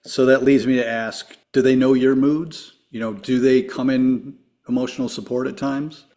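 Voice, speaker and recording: A man's voice: mid-range voice, fairly even intonation, normal speed, warm tone. A man hosting a podcast, asking interview questions in a friendly, encouraging way. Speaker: podcast host.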